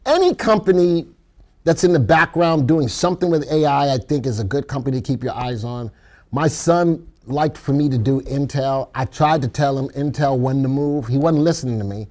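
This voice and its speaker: A man's voice: medium pitch, moderate pace, darkish tone. A man co-hosting a live stock market show, giving commentary with playful, jokey banter. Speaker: stock market instructor co-host.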